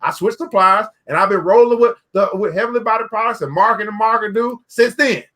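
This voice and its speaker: A man's voice: high-pitched, a little fast, fairly bright tone. A man hosting a casual online talk about making money, folksy and preachy, often repeating himself as he explains. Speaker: show host. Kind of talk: casual business talk to camera.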